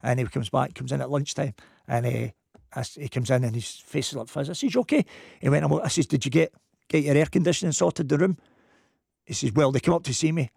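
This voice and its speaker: A man's voice: mid-range voice, fast talker, vocal fry, breathy edge, no echo, studio quality. A man with a Glasgow accent, a football coach telling a funny story in a casual chat. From Scotland. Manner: lively anecdotal storyteller.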